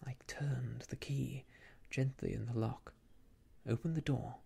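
A man reading a classic tale aloud in soft, hushed, whispered ASMR storytelling. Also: medium pitch, fairly even intonation, measured pace, gravelly, slightly rough.

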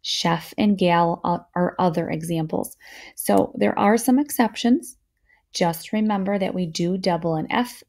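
A young woman teaches phonics to small children at a very unhurried pace. Her voice sits a little low, and she sounds out each word patiently and encouragingly. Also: creaky, a little mellow. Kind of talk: slow, clear phonics lesson for young children.

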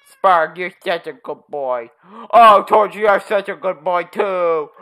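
A gaming channel host giving rambling, casual commentary full of "uh" and "anyway", jumping to a high, excited voice when calling the pets. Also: slow pace.

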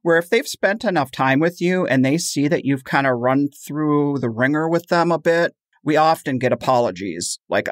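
A man co-hosting a podcast in casual chat, chatty and animated when quoting others. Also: on the high side, moderate pace, few pauses, dry recording, clean studio sound. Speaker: podcast co-host.

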